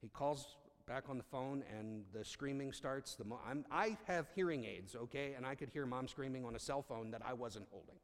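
A man's voice: medium pitch, normal speed, few pauses. A man telling a story aloud, acting out the dialogue with lots of restarts. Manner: animated, acts out dialogue, frequent restarts. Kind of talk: storytelling talk. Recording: long hall reverb.

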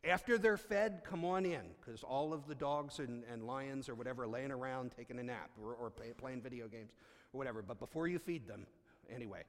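Animated male storyteller in a reverberant hall. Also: mid-range voice, brisk. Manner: animated, acts out dialogue, frequent restarts. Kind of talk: storytelling talk.

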